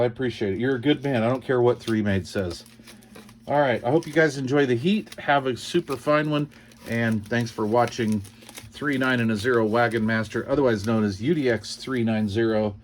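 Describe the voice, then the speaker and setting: A man's voice: mid-range voice, normal speed, slight background noise. Rambling, jokey man unboxing radio cards. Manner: rambling, jokey, reads call signs aloud. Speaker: CB radio hobbyist vlogger. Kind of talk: casual unboxing chat.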